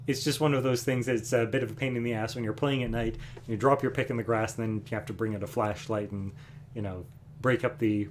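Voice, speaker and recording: A man hosting a music livestream from home, chatting casually between songs in a relaxed, rambling way with frequent chuckles. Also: mid-range voice, slight background noise. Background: acoustic guitar.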